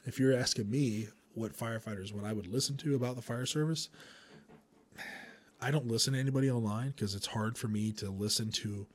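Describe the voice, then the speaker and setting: A man hosting a podcast, a firefighter chatting casually in a rambling way with frequent chuckles and quick asides. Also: mid-range voice. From Indiana.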